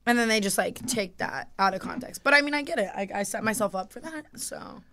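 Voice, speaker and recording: A woman's voice: medium pitch, lively intonation, fairly bright tone. A young woman with a mid-range voice talks casually as a podcast guest. She jokes, rambles and speeds up in bursts, piling on "like" as she goes. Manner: jokey, rambling, fast bursts.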